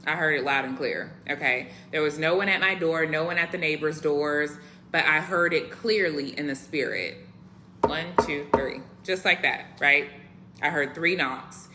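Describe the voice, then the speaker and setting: A woman's voice: sits low, normal speed, background noise. A woman delivering an earnest prophetic devotional message, often tagging her lines with "right?" and "okay?". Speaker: Christian content creator.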